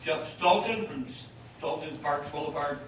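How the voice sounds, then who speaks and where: A man leading a formal installation ceremony, speaking in a measured, ceremonial way as the outgoing president. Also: a little high. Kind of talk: formal ceremony speech, reading an oath and charge. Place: large banquet hall, indoors. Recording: very echoey hall, from far off, with background noise.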